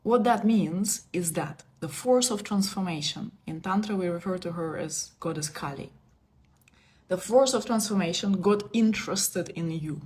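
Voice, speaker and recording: A woman in her thirties giving a casual spiritual talk on a live stream. She is playful, laughs often and moves between soft asides and emphatic bursts. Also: fairly low pitch, moderate pace. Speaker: spiritual teacher. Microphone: phone or webcam on a live stream.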